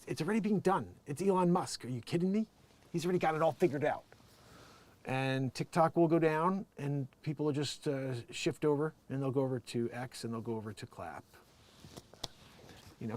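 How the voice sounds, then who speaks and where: A man hosting his own video show, talking in a rambling, animated way, laughing often and acting out what other people say. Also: medium pitch. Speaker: video host. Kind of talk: casual political commentary.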